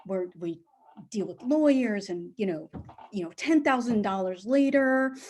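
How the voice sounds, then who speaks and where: A middle-aged woman telling a personal story on a live stage, animated and acting out the people she quotes. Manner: animated, acts out quoted voices with big pitch jumps.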